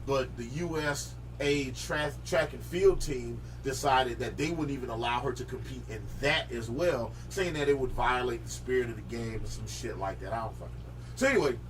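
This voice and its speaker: A man's voice: mid-range voice, normal speed, few pauses, far from the mic, low-quality recording. A man hosts a casual streamed talk show, swearing loosely as he steers the chat. He sits back from the mic, and a faint hiss runs under his voice. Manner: casual and profane, leading the discussion segment. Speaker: host.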